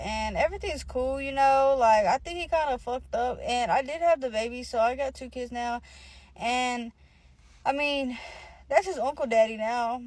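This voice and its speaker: A woman's voice: sits high, dry recording, poor audio. A young adult woman telling a casual storytime, rambling, slangy and profane, often calling out to her listeners.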